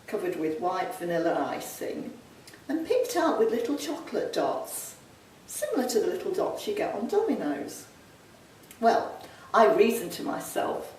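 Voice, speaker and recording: A woman in the middle of a stand-up set, chatty and playful, her pitch bouncing all over. She sounds set back from the mic, in a strongly echoing room. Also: darkish tone. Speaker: stand-up comedian. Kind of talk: stand-up comedy routine. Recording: echoey from far off.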